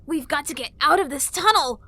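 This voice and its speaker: A woman's voice: high voice, expressive, a little fast, bright, forceful tone, dry recording, voice pushed up. A woman voicing a grumpy, frustrated young boy trapped in a scrub's body, muttering to himself in an audiobook. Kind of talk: audiobook character voice.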